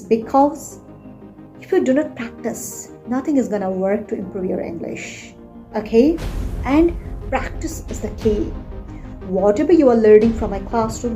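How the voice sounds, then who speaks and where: A woman's voice: on the high side, dark tone, echoey room. A woman English teacher giving a spoken English lesson, talking emphatically and often checking in with "okay?". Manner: emphatic, sing-song demonstrations, frequent "okay?" check-ins.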